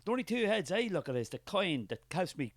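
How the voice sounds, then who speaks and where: A man's voice: high-pitched, sing-song, fast talker, no echo, exaggerated voice. An Irish man playing a suspicious, money-minded male skeptic who answers in a scornful, defensive and dismissive way in a comic character sketch.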